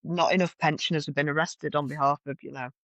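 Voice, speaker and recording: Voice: medium pitch, fairly even intonation, fast, fairly bright tone, no room sound. Wry podcast co-host from North West England. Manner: wry, sarcastic asides. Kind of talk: casual political chat.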